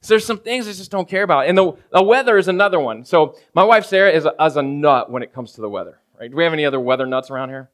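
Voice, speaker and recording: Racing along with hardly a pause, a man with a slightly high, expressive voice preaches as a pastor in a casual, chatty style. He repeatedly asks the congregation "right?" and acts out ordinary scenes in quoted voices.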